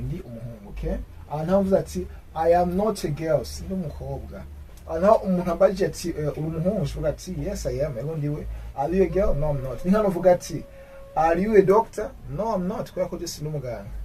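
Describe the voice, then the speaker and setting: A man teaching an English grammar lesson, explaining in his own language and repeating English example sentences slowly. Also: fairly high pitch, lively intonation, warm tone, far from the mic, a little hiss or hum, rough recording.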